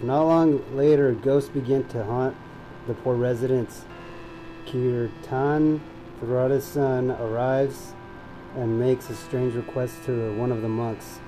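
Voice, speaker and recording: Mellow-voiced joking podcast man. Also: medium pitch, poor audio. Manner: stumbling, joking reader. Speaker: podcast co-host. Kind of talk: casual comedic chat and reading aloud.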